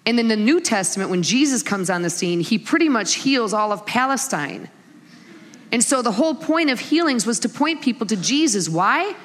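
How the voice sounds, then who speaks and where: A middle-aged woman preaching a sermon, telling stories with lively acted-out quotes. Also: a little high, normal speed. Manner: animated storytelling with acted-out quotes. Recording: long hall reverb.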